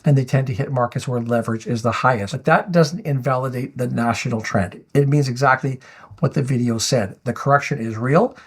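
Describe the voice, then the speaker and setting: A man's voice: mid-range voice, fairly quick, breathy edge. Firm male finance commentator. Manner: firm, rebuttal-style, reading out viewer comments. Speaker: finance video host. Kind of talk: explanatory commentary.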